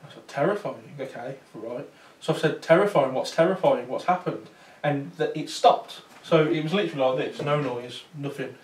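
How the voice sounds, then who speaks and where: A man's voice: medium pitch, moderate pace, few pauses. Man telling ghost stories in an echoey room. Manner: chatty, anecdotal, many fillers and restarts. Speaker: paranormal investigator giving a talk. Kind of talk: storytelling talk to an audience. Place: talk venue with small audience. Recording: roomy sound from far off.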